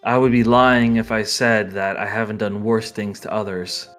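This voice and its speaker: Man doing a tired, beaten-down henchman, slow and subdued. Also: fairly low pitch, little pitch movement, fairly bright tone, faint music behind, pitched below the performer's own voice, lightly acted. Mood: weary. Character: weary man who always served others.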